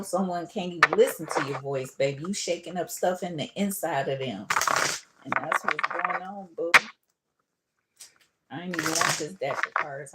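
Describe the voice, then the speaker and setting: Chatty tarot-reading woman, low voice. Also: very noisy. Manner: chatty, laughs often, calls listeners boo and baby. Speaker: tarot reader. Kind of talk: casual tarot reading livestream.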